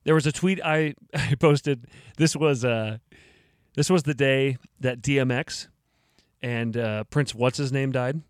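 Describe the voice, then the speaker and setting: A man's voice: mid-range voice, a little slow, no room sound, studio quality. A man hosting his own podcast, joking and mock-indignant, laughing at his own jokes. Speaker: podcast host. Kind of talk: casual solo podcast talk.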